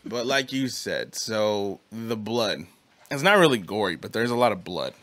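A young man co-hosting a podcast, talking in a loose, slangy way and swearing freely. His voice sits fairly low but has a bright, forward edge, and the recording is dry and close with no room sound. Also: animated, a little slow, no echo. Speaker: podcast host. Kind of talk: casual chat.

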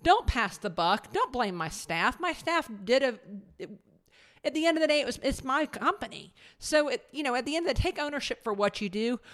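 A woman who owns a company, telling a business story in casual conversation, animated and full of restarts. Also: medium pitch. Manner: animated, many restarts and acted quotes. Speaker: podcast guest, business owner.

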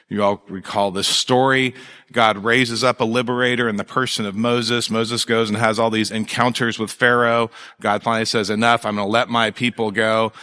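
A male pastor preaching a sermon in a conversational, animated way, with jokes and asides to his congregation. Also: mid-range voice, long reverb tail.

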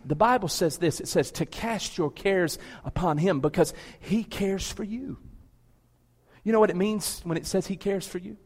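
Man, pastor, sermon, slightly high voice, long church reverb, rhetorical questions, quiet to emphatic. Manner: swings from low, quiet pleading to loud, emphatic preaching. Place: large church with a balcony.

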